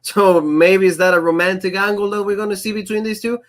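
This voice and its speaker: A man with a noticeable foreign accent co-hosting a casual review show, talking in an animated way and acting out quotes in different voices. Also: high-pitched, a little fast. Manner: animated, frequently acts out quotes in shifting voices; speaks English with a non-native accent. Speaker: co-host of a wrestling review show. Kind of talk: casual podcast chat.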